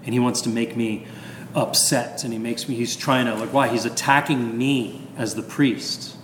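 A man's voice: mid-range voice, moderate pace, slight background noise. Chatty priest in his fifties, echoey room. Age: 50s. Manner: animated, chatty, lots of asides and fillers. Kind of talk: casual talk about confession. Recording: echoey room with long reverb.

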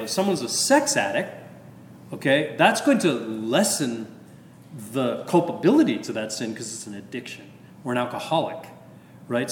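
A man's voice: medium pitch, a little hiss or hum. Chatty priest in his fifties, echoey room. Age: 50s. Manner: animated, chatty, lots of asides and fillers. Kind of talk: casual talk about confession. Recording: echoey room with long reverb.

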